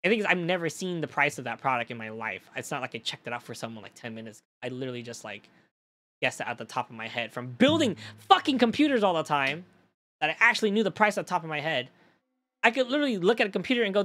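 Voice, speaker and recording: A young man streaming in a casual chat, telling stories in an animated way, swearing freely and talking to his chat. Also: sits high, quick pace.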